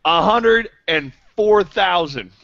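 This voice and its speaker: A man's voice: sits high, takes it slowly, gravelly, muffled recording, a little hiss or hum. A man co-hosting a podcast, trading playful, boastful jokes in casual banter. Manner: playful, boastful deadpan bits. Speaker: podcast co-host.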